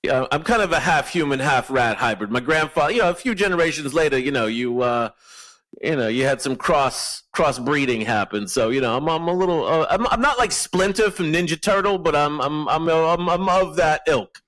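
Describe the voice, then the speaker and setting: A man, a podcast guest, riffing an improvised deadpan comedy bit, rambling and halting and laughing at his own jokes. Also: fairly high pitch.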